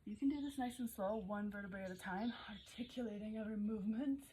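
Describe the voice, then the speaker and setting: A woman's voice: medium pitch, quick pace, mellow, husky. A woman in her thirties coaching a home workout while exercising along, chatty and upbeat, out of breath, cueing moves between breaths. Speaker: fitness instructor.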